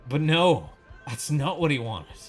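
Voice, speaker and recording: Faint music sits behind a young man streaming a game, his fairly high voice very animated yet unhurried. He rants casually, rambling on, exasperated and swearing plenty.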